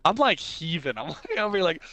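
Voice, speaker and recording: A man's voice: on the high side, moderate pace, crowd noise. A young man in his twenties, casually chatting on a livestream, rambling and saying "like" constantly as he tells stories. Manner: rambling, leans on the filler "like"; animated storyteller who acts out quotes. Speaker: livestream host. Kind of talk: casual chat while streaming.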